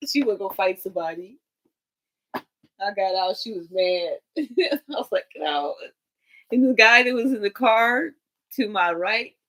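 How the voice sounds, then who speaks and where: A woman telling long personal stories in casual chat, animated and laughing as she acts out what people said. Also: on the high side, low-quality recording. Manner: animated, laughing, quotes people in shifting voices. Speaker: tarot reader on a livestream. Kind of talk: casual storytelling.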